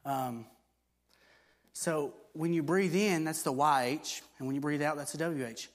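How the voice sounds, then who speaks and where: A man with a somewhat high voice preaches in a loose, conversational way, stopping and restarting as he explains. He swings into forceful, repeated declarations. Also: unhurried. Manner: conversational teaching with frequent fillers and restarts; builds to emphatic repeated declarations. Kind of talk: sermon.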